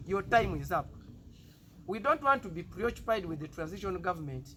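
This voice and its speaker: A Ugandan politician with a Ugandan English accent, giving a defiant press statement with emphatic, repeated rhetoric. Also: male voice, sits high, sing-song, brisk, a bit bright, a little hiss or hum. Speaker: party politician.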